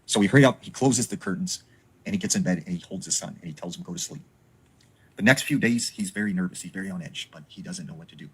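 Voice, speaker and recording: Man, deep voice, very husky, casual spooky storytelling, lots of fillers. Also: fast, low-quality recording.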